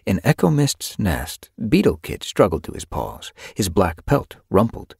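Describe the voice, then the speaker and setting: A man reads an audiobook in a deep, husky voice. His storytelling swings lively up and down. The recording is dry and close. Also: a little slow, no room sound. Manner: expressive storytelling. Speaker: audiobook narrator. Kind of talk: scripted narration.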